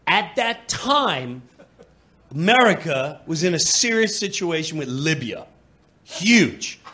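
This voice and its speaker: A middle-aged man from New York telling a stand-up story on stage, animated and quick to slip into voices. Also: on the high side. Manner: animated, jumps into voices, laughing asides. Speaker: comedian. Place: comedy club stage.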